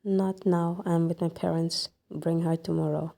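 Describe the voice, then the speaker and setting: A woman's voice: fairly low pitch, flat delivery, measured pace, vocal fry, mellow. A woman voicing a cold, possessive young male boss who speaks in short, curt lines.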